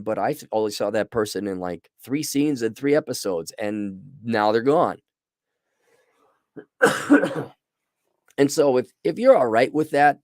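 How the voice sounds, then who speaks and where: A man's voice: medium pitch, a little mellow, dry recording, clean studio sound. Blunt, rambling middle-aged man host. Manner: rambling, blunt, restarts mid-sentence. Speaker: show host reviewing a series. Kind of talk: casual livestream commentary.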